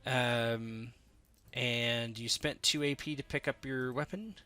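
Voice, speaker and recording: A man's voice: mid-range voice, steady tone, slow, pushed and bright, smooth. A man running a tabletop game as game master, explaining rules and thinking aloud with many fillers.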